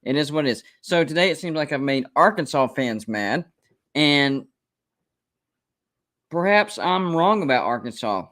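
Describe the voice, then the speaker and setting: A man's voice: a little high, animated, a little slow, pauses often, a bit bright. Emphatic man hosting a live sports stream. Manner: emphatic and repetitive, defending his takes. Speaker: college football show host.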